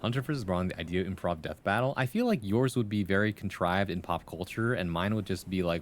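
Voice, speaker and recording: A man's voice: fairly low pitch, lively intonation, quick pace, hardly any pauses. A man streaming live, chatting casually with viewers, swearing and joking and laughing often. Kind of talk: casual live-stream chat and improvised storytelling.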